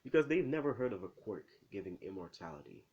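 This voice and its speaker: A man casually retelling a fan-made story in a rambling, animated way. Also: fairly low pitch, fast, husky, muffled recording.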